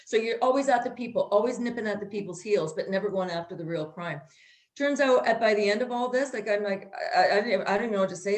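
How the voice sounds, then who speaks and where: A woman in an echoey room, talking at a middling pitch. She co-hosts a casual chat and vents bluntly, swearing without a filter. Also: brisk. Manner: blunt, ranting, swears freely. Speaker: co-host.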